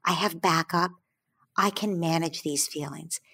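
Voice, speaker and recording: A woman who is a parenting expert, explaining in a gentle, soothing way and slowing down to stress her points. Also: fairly low pitch, steady tone, gravelly, husky. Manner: gentle, soothing, slows down for emphasis. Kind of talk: calm explanatory advice.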